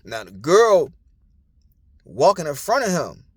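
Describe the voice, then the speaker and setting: A young man delivers a casual, preachy monologue, blunt and full of profanity. His voice sits high for a man. The sound is close and dry, with no room echo. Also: big pitch swings, takes it slowly, husky. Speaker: commentator.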